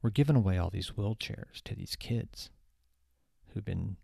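A man hosting a podcast, giving a motivational talk with lively storytelling that swings between loud emphasis and hushed asides. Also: lowish voice, unhurried, vocal fry, no echo, clean studio sound. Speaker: podcast host.

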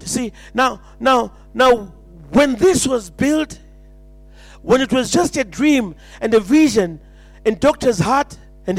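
Man preaching, very high voice, dry sound, faint music behind. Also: no room sound. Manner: impassioned preaching with repetition and stammered restarts. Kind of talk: sermon.

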